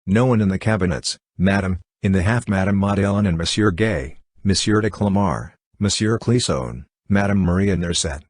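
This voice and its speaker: A man reading a deferential restaurant waiter who murmurs softly, in an audiobook. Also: deep voice, moderate pace, hardly any pauses, dry recording, clean studio sound.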